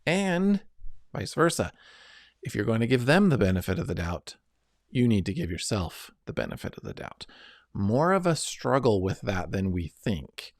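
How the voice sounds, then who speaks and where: A middle-aged man gives an earnest, instructional self-help lesson, coaching listeners step by step and often checking in with "right?" and "okay?". His lowish voice is sing-song at normal speed, in clean studio sound with no room sound.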